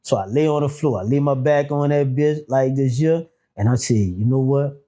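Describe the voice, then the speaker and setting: A man telling prison stories in a casual interview, animated and profane, acting out quotes. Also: mid-range voice, moderate pace. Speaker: guest, former prisoner.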